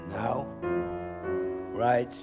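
A man's voice: medium pitch, steady tone, extremely slow, creaky. A man teaching a piano master class, giving short spoken instructions and singing rhythm syllables to show the phrasing. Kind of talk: coaching a student at the piano. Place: concert hall. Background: piano playing.

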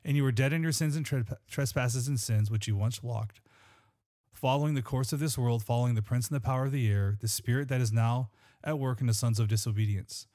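Speaking a little fast in a mellow, medium-pitched voice, a man co-hosting a podcast reads scripture and chats casually. He comes across as earnest and rambling, frequently restarting.

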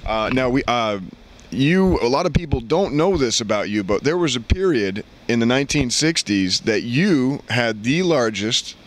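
A man's voice: medium pitch, animated, moderate pace. A man interviewing an actor at a convention, asking questions with a fan's enthusiasm. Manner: enthusiastic fan. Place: convention floor.

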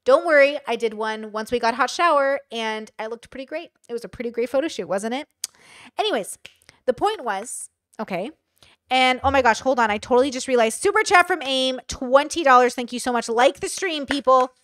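A woman streamer telling a story in a profane, animated way during a live stream. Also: sits high, fairly quick, no echo, studio quality. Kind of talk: casual live-stream monologue.

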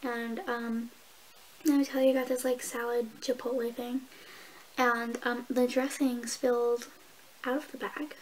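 A woman's voice: on the high side, flat delivery, measured pace, slight background noise, rough recording. A young woman casually telling stories and chatting while doing her makeup, swearing and laughing often. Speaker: beauty vlogger. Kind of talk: casual get-ready-with-me chat.

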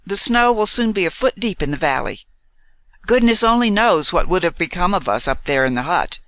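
A man voicing a frank, cheerful young woman climber in a storybook reading, lifting his voice to speak brightly and gaily. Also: sits high, normal speed, no echo, voice pushed up, exaggerated voice. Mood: lively, frank. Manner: bright and lively.

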